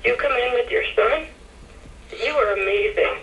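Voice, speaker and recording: A woman's voice: a little high, normal speed, gravelly, fairly bright tone, distant mic, a little hiss or hum. A woman in her forties calling a radio show, gushing and fighting back tears. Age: 40s. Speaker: caller. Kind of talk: emotional radio call-in. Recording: muffled phone line from afar.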